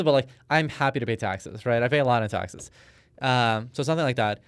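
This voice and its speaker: A man's voice: medium pitch, brisk, clear, resonant tone, no echo. A man in his thirties from Russia, a podcast guest telling a personal story in a casual, hesitant way with frequent fillers and restarts. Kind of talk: conversational interview.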